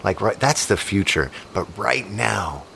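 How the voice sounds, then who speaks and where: An excitable man in his fifties hosting a comedy podcast, rambling from one joke to the next. His pitch jumps around a lot. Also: a little slow, creaky, slight background noise. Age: 50s. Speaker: podcast host.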